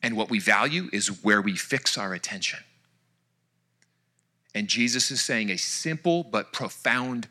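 A man preaching a sermon, telling an illustration with animated energy and dropping to soft, hushed tones for emphasis. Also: fairly low pitch, unhurried, pauses often. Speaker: pastor.

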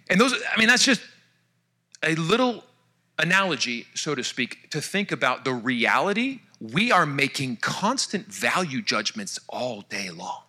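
Animated, bright-voiced male preacher. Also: medium pitch, a little slow. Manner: animated storytelling, drops to soft hushed tones for emphasis. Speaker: pastor. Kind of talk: sermon.

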